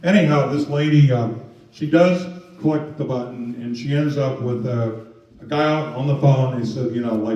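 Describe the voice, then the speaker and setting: Male talk presenter, storytelling, filler-heavy, mellow tone, distant echoey room mic. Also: medium pitch, fairly even intonation, normal speed. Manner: storytelling, acts out quoted voices with lots of fillers. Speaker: speaker giving a talk on scams. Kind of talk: public talk retelling stories. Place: museum meeting room. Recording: echoey far-off hall sound, dull.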